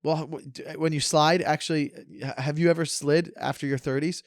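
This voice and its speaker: A man's voice: a little high, fairly even intonation, fairly quick, no echo, clean studio sound. A man in his thirties hosting a podcast, sarcastic and joking as he wanders from tangent to tangent in casual chat. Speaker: podcast host. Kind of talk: casual rambling monologue.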